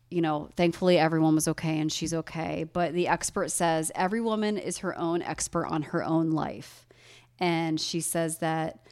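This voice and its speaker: A woman from Ohio co-hosting a podcast, animated in casual chat and story retelling. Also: low voice, no echo. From Ohio, USA. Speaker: podcast co-host.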